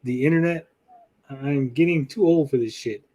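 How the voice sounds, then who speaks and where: Man, podcast host, casual chat, swears freely, pauses as he talks, mid-pitched voice. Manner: chatty, swears often, lively swings in loudness; speaks with pauses.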